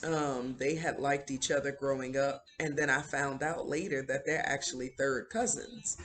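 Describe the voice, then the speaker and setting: A woman's voice: very deep voice, fairly even intonation, normal speed, a bit bright, slight background noise. A woman hosting a video who retells a series in a casual, rambling way, with many fillers. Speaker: video host. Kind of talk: casual show recap.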